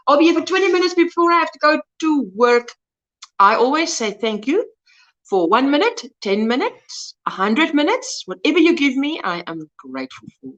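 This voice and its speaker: A woman hosts a casual livestream, greeting viewers one by one as she reads the chat. Her voice sits high and swoops animatedly. The audio is dull and lo-fi. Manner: warmly greets viewers by name, reading the chat aloud. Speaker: crochet livestream host.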